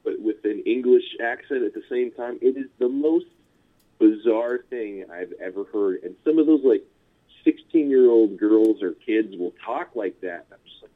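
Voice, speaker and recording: A Californian man with a fairly low voice rambles through a laid-back interview, full of "like" and "you know" and quick chuckles. His voice comes through thin and tinny, like a phone call. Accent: Californian American. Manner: rambling, chuckling, filler-heavy. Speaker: punk musician guest. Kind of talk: casual interview chat. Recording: tinny phone-line audio.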